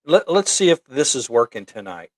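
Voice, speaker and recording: A man's voice: medium pitch, very animated, moderate pace, very noisy. A man hosting a casual talk show, telling jokey anecdotes. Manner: joking, storytelling. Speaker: host. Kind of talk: casual podcast chat.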